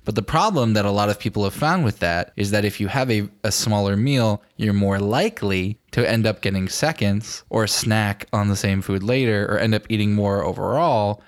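A man's voice: on the low side, moderate pace, few pauses. A young man co-hosting a podcast, explaining his topic in a loose, rambling way. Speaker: podcast co-host. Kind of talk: casual chat.

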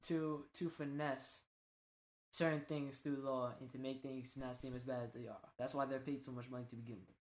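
A man co-hosting a casual gaming podcast, talking in an animated, slangy way and swearing freely. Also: medium pitch, fairly quick, roomy sound. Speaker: podcast co-host.

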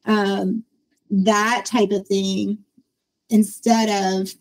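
A woman's voice: medium pitch, extremely slow, poor audio. A woman in her forties hosting a podcast, talking through her thoughts in a casual, reflective way and often laughing. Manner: reflective, laughs often, quotes herself in lively voices. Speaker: podcast host. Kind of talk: casual conversational interview.

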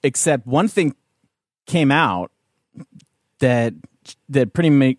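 A man's voice: medium pitch, lively intonation, takes it slowly, no room sound, clean studio sound. A man hosting a casual chat, leading the talk in a chatty, playful way. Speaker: podcast host.

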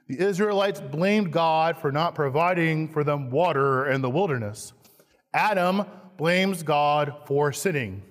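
A man, a pastor, preaching a sermon slowly and emphatically, acting out quoted lines with dramatic stress. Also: a little high. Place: church sanctuary. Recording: long hall reverb, church sanctuary.

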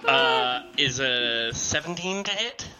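A man's voice: medium pitch, expressive, slow, very noisy. A man playing a tabletop game, calling out his dice rolls with many hesitant ums. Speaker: player.

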